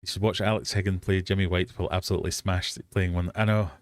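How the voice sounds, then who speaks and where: The audio is studio quality with no room sound: a low-pitched English man with flat delivery and a quick pace hosts a live quiz stream. He's talkative, mocks himself, wanders off on tangents, and breaks into silly singing.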